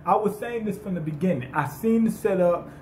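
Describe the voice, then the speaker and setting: High-voiced man in a profane recap. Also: animated, a little fast, darkish tone, slight background noise. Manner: profane, rambling, paraphrases characters in slang. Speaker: anime reviewer. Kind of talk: profane comedic episode recap.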